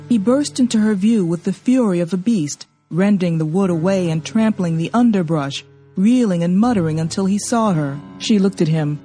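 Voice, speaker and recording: A woman narrates a literary novel in an expressive, measured way. Her voice is mellow and warm, and soft music plays faintly behind her. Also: mid-range voice. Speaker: audiobook narrator.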